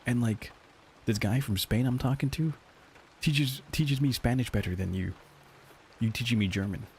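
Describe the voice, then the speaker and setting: A young streamer speaks at medium pitch and normal speed with a darkish tone, over a little hiss or hum. His casual, profane chat with viewers is sprinkled with "like" and "dude."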